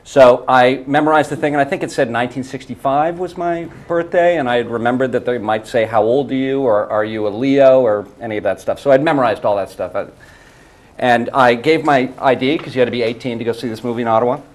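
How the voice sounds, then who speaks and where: A man's voice: mid-range voice, fast. Man from canada, game show guest, rambling anecdote, laughs at himself. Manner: rambling, laughing at his own story. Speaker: storytelling guest. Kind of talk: casual anecdote.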